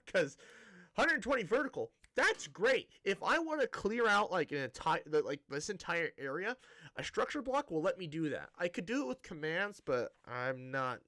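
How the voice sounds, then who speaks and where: Guy chatting on his stream, bright voice that swoops around, kinda rambly and deadpan. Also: high-pitched, normal speed. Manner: rambling, self-interrupting, dry sarcastic tone.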